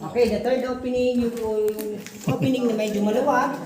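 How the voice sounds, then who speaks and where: A woman's voice: on the high side, fairly even intonation, fairly quick, a crowd in the background. A woman working as a cave tour guide, explaining each opening in a mix of Tagalog and English. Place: inside a cave. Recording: echoey cave from far off, loud noise.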